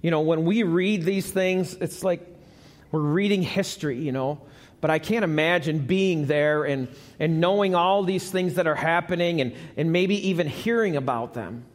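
A man's voice: on the high side, normal speed. A man preaching a sermon live in a church, talking conversationally and putting questions to the congregation. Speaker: pastor. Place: church sanctuary, recorded live. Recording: long church hall reverb.

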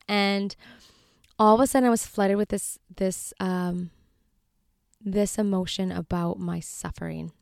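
A woman in her thirties speaks earnestly on her faith podcast. Her voice is smooth and resonant, with a tender, heartfelt delivery. It is recorded dry and close, with no room sound. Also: medium pitch, steady tone, a little slow, long pauses, dry recording. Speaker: podcast host.

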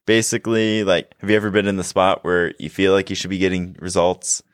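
This health coach's voice sits low and smooth, moving a little fast over a dry, studio-quality recording. Co-hosting the podcast, the young man jokes around, stays animated and laughs often in casual chat.

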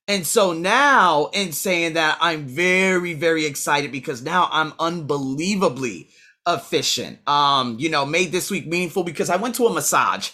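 A man's voice: a little high, lively intonation, normal speed, pushed and bright. A man who teaches, talking through a casual weekly self-review, rambling and blunt, swearing freely as he scores himself aloud.

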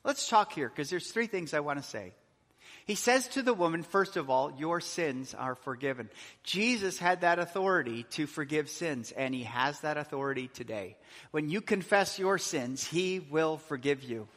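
A man's voice: a little high, lively intonation, moderate pace, a bit bright. A male pastor preaching a sermon, earnest, with rising and falling emphasis. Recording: long hall reverb.

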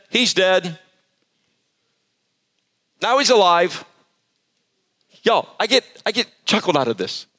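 A pastor preaching to a live church service, emphatic and quizzing the congregation for answers. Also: male voice, high-pitched, sharp tone. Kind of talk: sermon.

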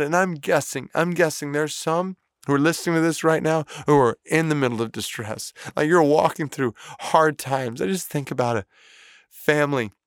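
A man's voice: mid-range voice, no room sound, clean studio sound. A man, a pastor and father, giving an earnest devotional with many "like" fillers, then praying aloud. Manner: earnest, pleading, frequent "like" fillers. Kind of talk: devotional talk and prayer.

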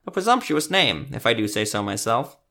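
A man's voice: medium pitch, very animated, brisk, gravelly, sharp tone, heavily acted. A man voicing a sly, chatty woman bookseller in an audio story, with a raised, wry delivery.

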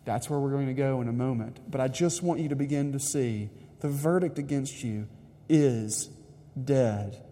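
Emphatic preacher in a reverberant hall. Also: male voice, medium pitch, normal speed, mellow. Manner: emphatic, addresses listeners directly, repeats key lines. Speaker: pastor. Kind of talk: sermon.

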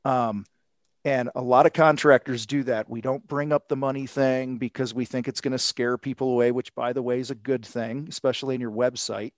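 A man telling a sales story in casual podcast talk, acting out the people he quotes with lively energy. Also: medium pitch, fairly quick, no room sound. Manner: animated storytelling, acts out quotes. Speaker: sales coach guest.

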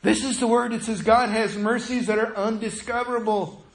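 High-voiced preaching man in an echoey room. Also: normal speed. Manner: animated preaching, swinging from loud to hushed. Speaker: pastor. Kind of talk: sermon. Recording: echoey room, faint noise.

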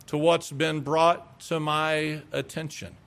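Middle-aged male pastor, high-pitched, emphatic sermon delivery that acts out quoted replies. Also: flat delivery, slow pace, vocal fry, fairly bright tone.

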